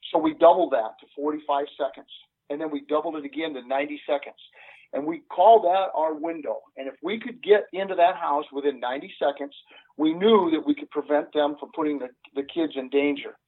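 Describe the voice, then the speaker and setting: An older man, a retired police sergeant, telling a story in an interview in an earnest, halting way with many "uh" fillers. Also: fairly high pitch, husky. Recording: tinny phone line.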